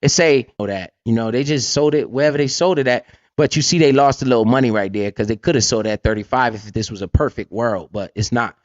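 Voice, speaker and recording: A man's voice: mid-range voice, fast talker, hardly any pauses, dry recording, muffled recording. A man hosting a casual livestream, talking bluntly with lots of swearing and keeps asking "right?". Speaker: livestream host and crypto investor.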